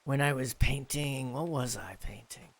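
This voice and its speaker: A man's voice: medium pitch, a little slow. A man casually chatting with his viewers on a live stream, rambling and joking with lots of fillers. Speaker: streamer reading chat.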